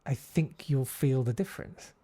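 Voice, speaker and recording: A middle-aged man from Southeast London with a posh-sounding, friendly voice. He chats casually in an interview and tells lively, self-deprecating stories. His pitch sits mid-range for a man. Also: moderate pace, husky. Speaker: guest comedian.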